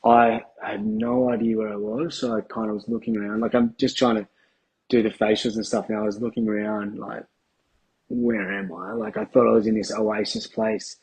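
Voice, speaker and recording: A man, a podcast guest telling a candid personal story in a casual, halting way with restarts and swearing. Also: fairly low pitch, level tone, darkish tone, husky, poor audio. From Australia.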